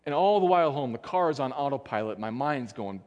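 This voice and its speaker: Pastor guy preaching, earnest, goes quiet and low for the big words, long church echo. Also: lively intonation, a little fast, highs cut off. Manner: earnest, dropping soft and low for emphasis. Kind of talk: sermon. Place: church sanctuary. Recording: long church hall reverb.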